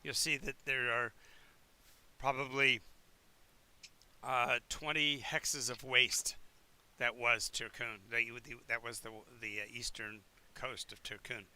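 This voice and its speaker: Bright, clear-voiced man running a tabletop game. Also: mid-range voice, level tone. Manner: halting, with many restarts and fillers while checking the map. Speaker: game master. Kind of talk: narrating a tabletop game over a live stream.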